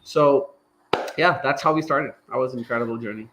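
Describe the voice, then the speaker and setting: A man in his thirties with a Pakistani accent, a company founder telling his story in a casual interview, animated and acting out what people said. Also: medium pitch, fairly quick, background noise. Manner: animated, acts out quoted dialogue, laughs while telling.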